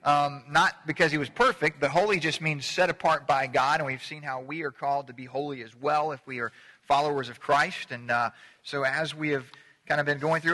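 A man's voice: on the high side, sharp tone, big-room sound. A middle-aged man preaching a casual, joking sermon as pastor, drawing the congregation in to repeat words with him.

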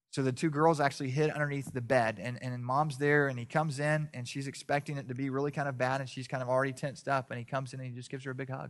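A male pastor delivering a sermon to his congregation in a church. He rises to loud, pressing exhortation and drops to a hushed storyteller's tone, often stumbling over repeated words. His voice sits at an ordinary middle pitch for a man.

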